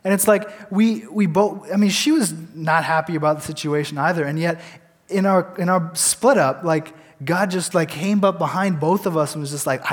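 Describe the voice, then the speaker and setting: A man's voice: on the high side, moderate pace, in a large hall. A young man talking casually and earnestly about faith, reading scripture aloud and telling a personal story, with frequent restarts and fillers.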